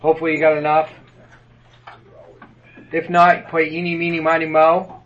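A man's voice: a little high, completely flat delivery, moderate pace, a bit bright, highs cut off. A man leading a men's group meeting in a room with tables, talking in a folksy, joking way with many fillers. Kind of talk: casual meeting address.

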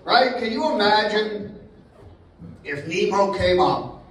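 A man's voice: high-pitched, expressive, slow pace, fairly bright tone. A man from Boston doing a profane stand-up comedy set, often laughing at his own jokes. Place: comedy club stage with live crowd. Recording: echoey, distant, noisy room recording.

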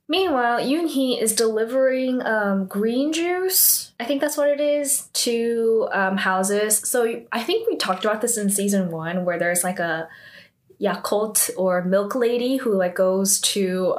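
A woman chatting casually through a drama recap, using many fillers and reacting strongly to the plot. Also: medium pitch.

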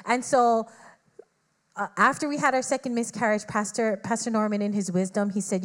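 A woman's voice: medium pitch, steady tone, normal speed. A woman sharing a candid, emotional testimony from the pulpit and addressing the congregation directly. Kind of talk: sermon testimony.

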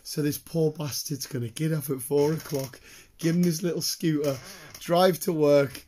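Husky, laughing man in his late twenties. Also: on the high side, steady tone, mellow. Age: late 20s. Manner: laughing, rapid storytelling, swears freely. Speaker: construction worker. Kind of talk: casual podcast chat.

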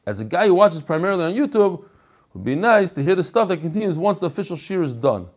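A man with a fairly high voice leads a relaxed class. He chats and jokes, reads out messages from listeners, then moves on to the text. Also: quick pace. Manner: chatty, joking, reads messages aloud. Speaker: rabbi teaching a Talmud class. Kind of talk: casual lesson with reading of emails.

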